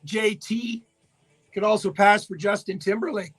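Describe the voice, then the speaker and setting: A man with a Newfoundland accent hosting a live radio show, hoarse and raspy from laryngitis, chatting casually and greeting viewers by name. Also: sits high, fairly even intonation, a little slow, fairly bright tone, faint music behind. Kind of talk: casual live-stream chat. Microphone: webcam setup for live video.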